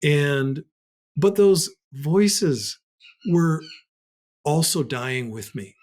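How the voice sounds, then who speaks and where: A man's voice: on the high side, lively intonation, extremely slow, darkish tone. A man who is a podcast guest, telling a personal story in an earnest, reflective way, his voice leaping up when he relives moments.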